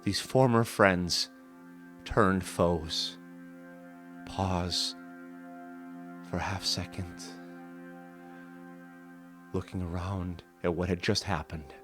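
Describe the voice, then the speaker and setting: A man with a deep voice narrates a solo tabletop role-play session. He tells the story slowly and dramatically. Background music runs beneath his voice. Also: steady tone.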